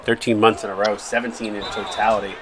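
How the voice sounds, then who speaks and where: Excitable male play-by-play caller. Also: on the low side, quick pace, a crowd in the background. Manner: excitable, shouts on big shots. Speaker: play-by-play commentator and streamer. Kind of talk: live play-by-play commentary.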